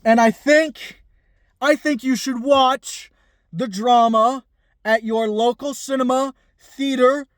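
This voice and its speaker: High-voiced man ranting about a film. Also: steady tone, slow, no echo, clean studio sound. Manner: emphatic, profane, many restarts. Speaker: film reviewer. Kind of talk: casual film review vlog.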